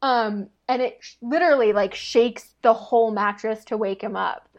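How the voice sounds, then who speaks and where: A woman's voice: on the high side, normal speed, highs cut off. A young woman chatting casually, telling a long story with lots of fillers and frequent laughter. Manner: rambling storyteller, laughs often, many fillers. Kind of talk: casual chat.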